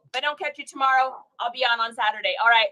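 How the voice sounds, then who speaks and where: A woman's voice: high voice, fast talker, bright, forceful tone. A woman hosting a casual livestream, playful and joking with her viewers. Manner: playful, sings along and jokes with viewers. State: out of breath. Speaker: online reseller livestream host.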